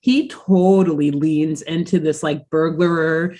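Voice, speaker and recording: A woman's voice: deep voice, takes it slowly. A young woman hosting a podcast, casually recapping a cartoon episode with lots of laughter and playful quoting. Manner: animated, laughs often, drops in quoted voices. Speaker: podcast host.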